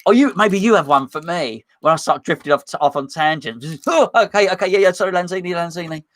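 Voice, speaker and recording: A chatty man hosts a live fan stream, talking in a slightly high voice as he reads out viewer comments. He rambles, restarts sentences and fills gaps with ums. The sound is dry and close, with no room around it. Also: quick pace, fairly bright tone, no room sound.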